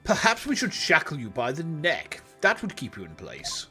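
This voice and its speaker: A streamer voicing a calm, menacing samurai prosecutor in a video game, speaking in measured, archaic phrases. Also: medium pitch, soft background music, heavily acted.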